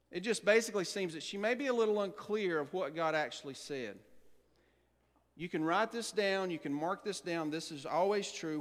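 A man preaching a sermon as pastor, emphatic and full of rhetorical questions to his congregation. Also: high voice. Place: church sanctuary. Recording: long hall reverb in a church.

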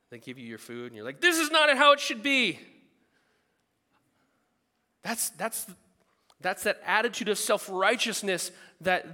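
Guy preaching, bright forceful voice, kinda high, jumps loud when he acts stuff out. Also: big-room sound. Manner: animated, acts out quoted thoughts with sudden loud bursts. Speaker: pastor. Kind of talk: sermon.

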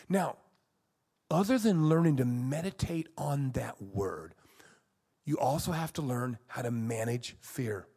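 A man in his sixties, a pastor preaching a sermon with emphatic swings between loud and soft. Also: on the high side, gravelly, husky.

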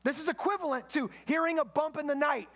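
Pastor guy with a pretty high voice, chatty sermon, talks right at the crowd. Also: quick pace, a bit bright. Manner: conversational preaching with asides and acted quotes.

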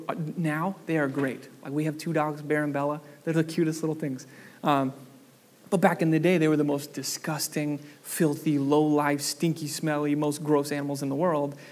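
Young male pastor preaching, lively and engaging, pitched a bit high. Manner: animated, asks the congregation questions. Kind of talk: sermon.

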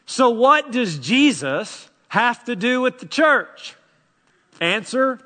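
Male pastor, high bright voice, slow impassioned sermon delivery, hall reverb. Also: big pitch swings. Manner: impassioned, pleading, swings between hushed and loud. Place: church sanctuary.

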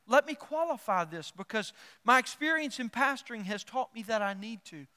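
A middle-aged man, a pastor, preaching a sermon, animated and emphatic, repeating words as he builds his point. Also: very high voice, normal speed. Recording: long hall reverb.

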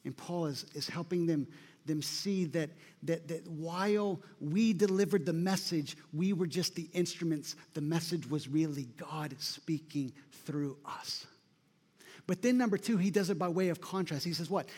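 Emphatic high-voiced pastor preaching. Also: male voice, darkish tone, big-room sound. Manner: emphatic, repeats key lines, slows down for quoted scripture. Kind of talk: sermon.

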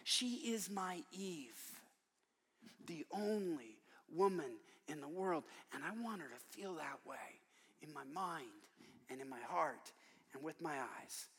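A man's voice: on the high side, expressive, slow, gravelly, fairly bright tone, slightly rough, long reverb tail. An older man preaching a sermon in a large church, telling stories with humor and emphasis. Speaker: conference speaker and author.

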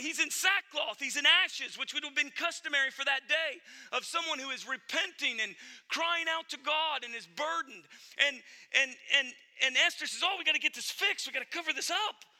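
A man's voice: very high voice, bright, forceful tone. A male pastor preaching a sermon in an earnest, emphatic way, speaking directly to his congregation.

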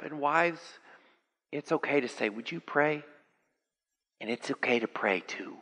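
A man preaching a sermon, animated and building to high, excited peaks. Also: measured pace. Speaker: pastor. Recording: long hall reverb.

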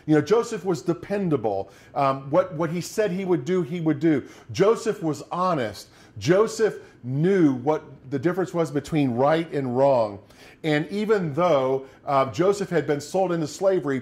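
A man's voice: a little high, animated, unhurried, darkish tone. A middle-aged man preaching a sermon as pastor, talking conversationally and acting out quoted lines of despair.

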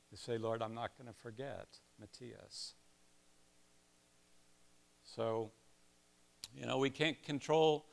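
A man's voice: medium pitch, creaky. An older man preaching a sermon in a conversational way, with self-deprecating asides and personal stories. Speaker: pastor.

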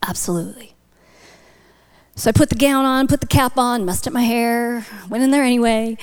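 A woman's voice: fairly high pitch, steady tone, a little fast, clear, resonant tone. A woman telling a story in a sermon, dropping to a whisper for emphasis and building to a passionate call at the close. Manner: rises to passionate exhortation. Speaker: speaker at a church.

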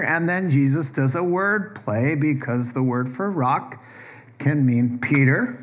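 A man's voice: fairly high pitch, animated, slow pace. A man preaching a sermon as pastor, emphatic and full of rhetorical questions. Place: church. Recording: dull lo-fi sermon recording.

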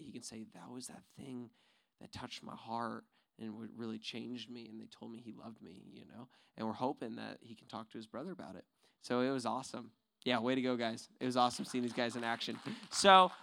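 A man leading a church group, who tells an excited testimony and then rallies the group with encouragement. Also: medium pitch, vocal fry. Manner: excited storyteller, builds to rallying encouragement. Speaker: ministry leader. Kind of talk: testimony and exhortation.

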